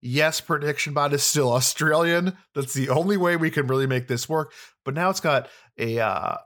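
A young man co-hosting a casual podcast, enthusiastic and quick to laugh. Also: a little high, a bit bright. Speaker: podcast co-host and writer.

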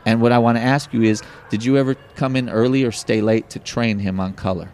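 A man telling a personal story in an interview, animated and acting out the voices of the people in it. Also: medium pitch, a little fast, a little hiss or hum. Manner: animated, acts out quoted voices. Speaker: guest.

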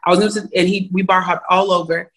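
A woman's voice: lowish voice, flat delivery, fast, fairly bright tone. A young woman singer, a guest in a casual interview, chatty and laughing, with preachy asides.

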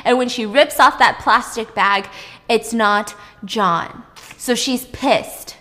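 A young woman retelling a story in a casual, chatty, animated way. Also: fairly high pitch, takes it slowly, in a large hall. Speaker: storyteller host.

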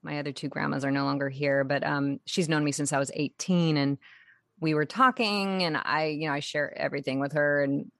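Lively, laughing actress with a lowish voice. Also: female voice, fairly quick, dry recording, studio quality. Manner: animated, laughing storyteller. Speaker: actress guest. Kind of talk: casual interview chat.

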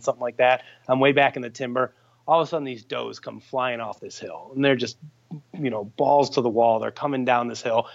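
A man casually telling a hunting story on a podcast, animated and swearing freely as he acts out his friends' lines. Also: mid-range voice, vocal fry, highs cut off. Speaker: guest hunter telling a story.

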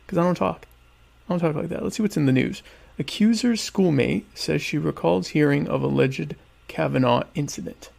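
A man's voice: a little high, normal speed, gravelly, a little mellow. A man hosting his own livestream show, chatting casually and sarcastically with his viewers in rambling, self-mocking asides.

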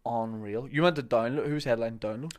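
A man's voice: mid-range voice, fairly quick, crowd noise. A man, a guest on a podcast, chatting casually about gigs and restarting his sentences. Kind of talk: casual comedic chat.

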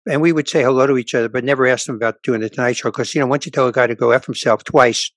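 A man's voice: mid-range voice, very fast, no echo. A man in his sixties, a stand-up comedian, telling stories in a casual podcast chat and acting out the dialogue. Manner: animated storyteller acting out dialogue.

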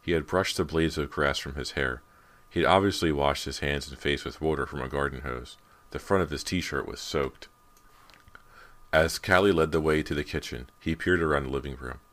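A man narrating an audiobook in a steady, measured storytelling manner. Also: rumbling low. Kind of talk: scripted narration.

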